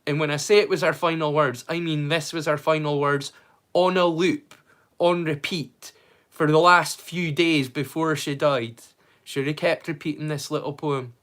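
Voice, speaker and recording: This livestream host's voice sits a little high, with fairly even intonation and a normal speed. Running a casual watch-along, he banters, jokes and curses openly with his audience, and his greetings come out loud and cheerful.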